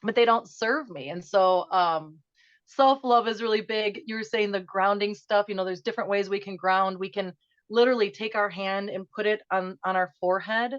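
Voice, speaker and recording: A middle-aged woman speaks with heartfelt earnestness, her words tumbling out fast and then easing. Her voice sits mid-range. The call audio is dry and slightly dull. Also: medium pitch, no echo. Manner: earnest, emotional, talks in quick bursts. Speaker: guest. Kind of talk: conversational interview, guided breathing.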